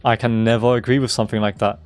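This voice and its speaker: A hoarse young man rants to his stream, hammering his points home by repeating them and swearing freely. His voice sits in a middle pitch, with a little music playing softly behind him. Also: level tone, fast talker. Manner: emphatic, swearing, repeating himself for stress. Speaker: game streamer. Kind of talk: casual live-stream rant.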